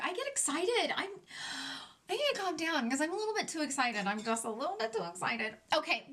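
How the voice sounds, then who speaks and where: A woman beauty vlogger chatting excitedly through a casual product review, gushing and chatty. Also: sits high.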